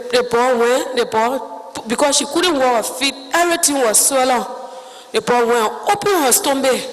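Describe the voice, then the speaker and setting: A woman with a Liberian English accent giving spoken testimony in halting, broken phrases, acting out other people's words as she goes. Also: on the high side, big-room sound, rough recording.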